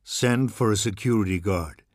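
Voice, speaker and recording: A man's voice: fairly low pitch, normal speed, no room sound, studio quality, natural voice. A man voicing a terse, strained male diplomat in a storybook reading, giving clipped replies.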